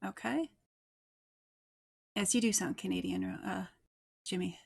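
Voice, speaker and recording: A woman hosting a casual livestream interview show, chatty and bubbly and quick to laugh. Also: medium pitch, vocal fry, slightly rough. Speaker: host.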